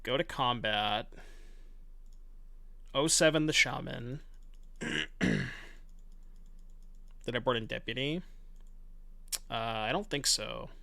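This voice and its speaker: A man's voice: mid-range voice, very animated, takes it slowly, vocal fry, pauses often, sharp tone, dry recording. A man giving casual commentary on his online card game, thinking aloud in a chatty, self-mocking way and swearing now and then.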